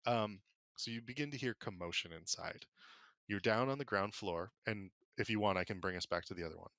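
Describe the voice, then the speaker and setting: A man narrating as game master for a tabletop game, relaxed and casual, with many fillers. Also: lowish voice, vocal fry, no room sound. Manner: relaxed, filler-heavy narration with quick voiced bits for side characters.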